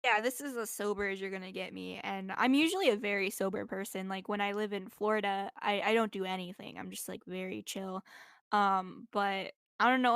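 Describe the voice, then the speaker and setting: A woman's voice: mid-range voice, fairly even intonation, a little fast, creaky, a bit bright, clean tone, no echo. Young woman, casual interviewee, rambly with constant "like", laptop mic, dry sound. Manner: rambling, heavy use of "like". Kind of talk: casual chat. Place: indoors while traveling.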